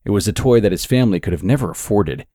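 A man narrating a scripted horror story in a measured, steady way. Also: on the low side, no echo, studio quality.

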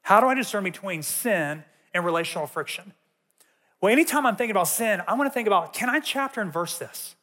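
A man's voice: sits high, expressive, fast talker, bright, forceful tone. A man teaching a sermon in a conversational way, telling personal stories to a church audience. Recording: long reverb of a large hall.

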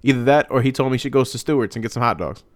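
A man's voice: mid-range voice, very fast, no echo, clean studio sound. A young man co-hosting a podcast, telling a casual story and acting out what others said. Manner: animated storyteller acting out quotes. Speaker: podcast co-host.

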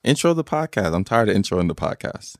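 Young man, very low voice, dry close sound, joking podcast co-host. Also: sing-song, a little fast, creaky, no echo. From Nigeria. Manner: laughing, joking banter. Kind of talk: casual chat.

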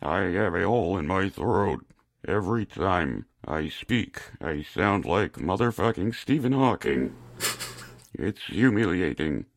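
A man voicing a grim man who speaks through a hole in his throat, in a slow mock-solemn drawl. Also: sits low, lively intonation, full character voice.

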